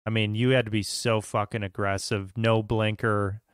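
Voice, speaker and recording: A man co-hosting a podcast, sarcastic and fed up as he complains. His voice is smooth and resonant, and the dry recording has no room echo. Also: lowish voice, flat delivery, normal speed. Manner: exasperated, sarcastic. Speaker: podcast co-host. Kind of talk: casual profane chat.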